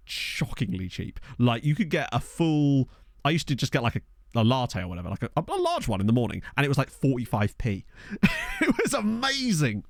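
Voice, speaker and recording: Lively chatty Southern English guy. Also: medium pitch, no room sound, studio quality. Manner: chatty, rambling, answers chat as he plays. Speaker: streamer. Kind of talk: casual gameplay commentary while reading chat. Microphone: desk microphone.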